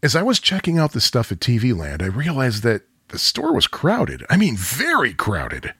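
A man's voice: medium pitch, huge pitch swings, normal speed, a bit bright, slightly rough, dry recording, studio quality. A man from the Chicago area hosting a podcast, telling nostalgic stories in a chatty, self-deprecating way. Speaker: podcast host. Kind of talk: casual storytelling monologue.

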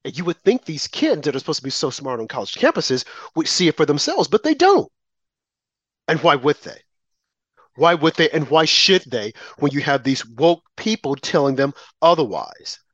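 An indignant man delivers a political monologue, firing off rhetorical questions. His slightly high voice swings widely in pitch. The sound is dry and a little dull, as if from a lo-fi recording. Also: big pitch swings, moderate pace, a bit bright, dry recording. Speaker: commentary host.

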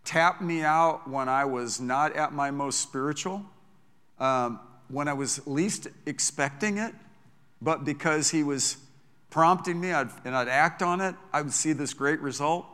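A man's voice: a little high, pushed and bright, in a large hall. Enthusiastic male pastor preaching. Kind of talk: sermon. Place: church.

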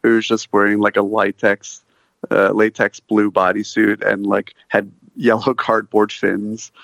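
Man, podcast co-host, gravelly low voice, dry close mic, wry and rambling. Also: monotone, a little slow, a bit bright, dry recording. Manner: wry, rambling, many fillers. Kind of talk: casual chat.

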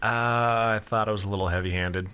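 A man's voice: fairly low pitch, fairly even intonation, brisk, bright, forceful tone, smooth. A man co-hosting a film review podcast, joking wryly and laughing easily in casual chat. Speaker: podcast co-host reviewing films.

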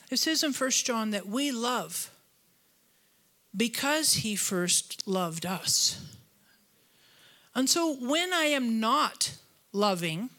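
A woman preaching a church sermon, telling stories with lively, self-deprecating humor. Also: fairly high pitch. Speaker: guest preacher. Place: church auditorium.

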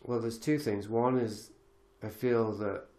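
A man's voice: on the low side, fairly even intonation, unhurried, darkish tone, reverberant. A man hosting a podcast conversation, reflective and thinking aloud with many fillers and restarts. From lives in Galicia. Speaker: podcast host.

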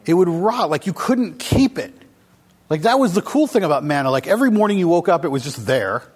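Guy giving a laid-back sermon, kinda high voice, long echo off the hall. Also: animated, brisk, darkish tone, husky. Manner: conversational, asks the congregation questions. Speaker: pastor. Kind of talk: casual sermon.

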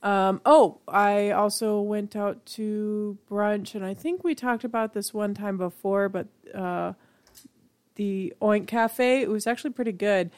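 Young female co-host, rambling casual talk, middle-pitched voice. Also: measured pace, a little mellow, no room sound. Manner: rambling, chatty, laughs easily. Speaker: podcast co-host. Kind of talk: casual chat.

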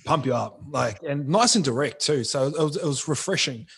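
A man's voice: a little high, lively intonation, moderate pace, creaky, a bit bright, slightly rough. A young man, a brand founder talking frankly and casually as a podcast guest, full of slang. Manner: slangy, frank, says bro and like often.

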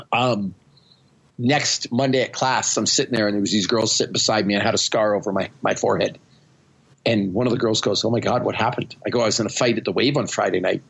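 A man's voice: mid-range voice, gravelly, fairly bright tone, a little hiss or hum, low-quality recording. A man hosting a podcast, telling stories in a blunt, profane, self-mocking way. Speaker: podcast host. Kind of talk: casual storytelling chat.

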